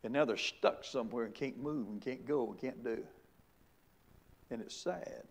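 A man's voice: medium pitch, moderate pace. A middle-aged man, a pastor preaching a sermon with emphatic, repeated rhetorical questions.

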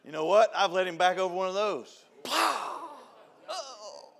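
A man's voice: high-pitched, steady tone, quick pace. A middle-aged man, preaching a folksy, joking sermon as a church youth director. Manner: storytelling, joking, shouts and laughs at punchlines. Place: church sanctuary.

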